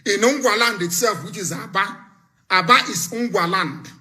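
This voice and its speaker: Fiery Nigerian man with a bright voice. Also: sits high, moderate pace, faint music behind. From southeastern Nigeria. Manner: threatening, repetitive, lecturing, with sudden shouts. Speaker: live radio broadcaster. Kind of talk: fiery political broadcast.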